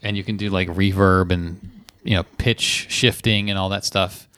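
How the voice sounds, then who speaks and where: A male podcast host with a slightly low voice, relaxed and a little halting as he talks. The mic is dry and close. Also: smooth, no room sound. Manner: laid-back, hesitant restarts. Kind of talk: casual chat.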